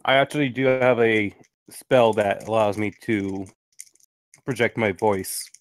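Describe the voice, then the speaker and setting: Low-voiced matter-of-fact male player. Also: a little slow, dry recording. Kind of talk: casual tabletop play.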